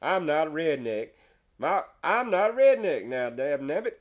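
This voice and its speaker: A folksy man with a Texas drawl rambles through a joke from his woodworking shop. He chuckles at his own punchlines, and his voice sits a little higher than most men's. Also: big pitch swings, moderate pace. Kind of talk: casual storytelling.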